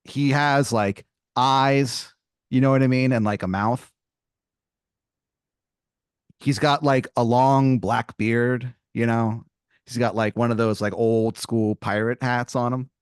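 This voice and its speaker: A man's voice: medium pitch, fairly even intonation, takes it slowly, long pauses, smooth, no room sound, studio quality. A man hosting a podcast, improvising a comedic scenario in a rambling style full of "like" and "you know.".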